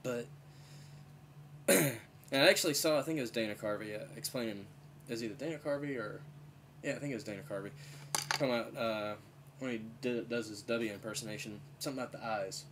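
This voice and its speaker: A man's voice: medium pitch, brisk, pauses often, noisy background. A man chatting casually in a vlog about doing voices, rambling with lots of fillers while fighting a slight head cold. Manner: rambling, full of "you know" and "uh". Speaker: vlogger and impressionist. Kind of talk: casual chat.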